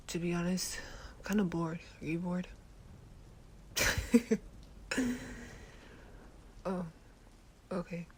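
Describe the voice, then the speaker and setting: A woman voicing a protective, sleepy teenage boy in a gentle, laid-back whispered role-play. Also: on the low side, a little hiss or hum. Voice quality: soft whisper. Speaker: ASMR creator.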